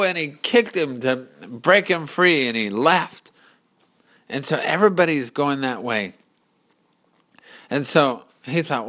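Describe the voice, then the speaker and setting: A man telling an improvised pirate adventure story in an unhurried, explanatory way. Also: on the high side, lively intonation, bright, forceful tone.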